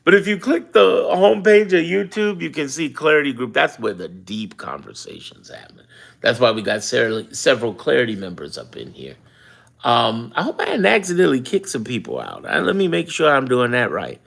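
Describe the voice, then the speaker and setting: A man hosts a casual live stream, talking straight to his viewers in the chat. His voice is gravelly, with a touch of fry. His pitch swings widely as he tells his stories. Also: fairly quick. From Chicago. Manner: animated storytelling, chatting with his live chat. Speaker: political livestream host.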